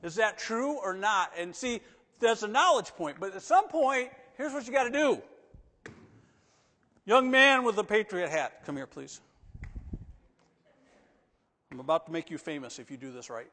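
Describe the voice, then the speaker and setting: A man with a high-pitched voice preaches to his congregation in a church sanctuary. He shifts between loud, emphatic declarations and quiet, coaxing asides. A long reverb from the hall trails every phrase. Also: expressive, normal speed. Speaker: pastor. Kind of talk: sermon.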